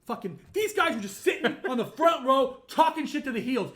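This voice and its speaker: A man co-hosting a podcast, ranting angrily with constant profanity and bursts of shouting. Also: very high voice, animated, a little fast. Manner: angry, profane, shouting rants. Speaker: podcast co-host.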